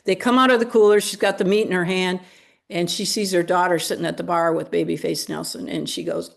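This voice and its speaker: A woman's voice: on the low side, steady tone, a little fast, gravelly. A woman telling a local history story in a conversational way, with chatty asides to her listeners. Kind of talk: storytelling talk.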